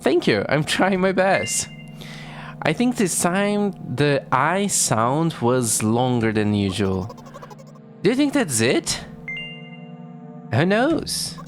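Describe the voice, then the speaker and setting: Game streamer, reads text aloud, lively pitch, unhurried, faint music behind.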